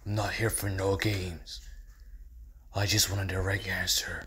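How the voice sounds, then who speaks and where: A man voicing a grim, brooding male vigilante in a fan impression skit, with a terse, demanding manner and a deep gravelly whisper. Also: flat delivery, unhurried, pushed and bright, a little hiss or hum. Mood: stern.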